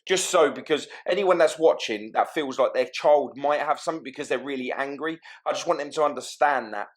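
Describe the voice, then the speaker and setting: A man's voice: medium pitch, a little fast. Man hosting a podcast interview. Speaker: podcast host. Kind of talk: interview questions.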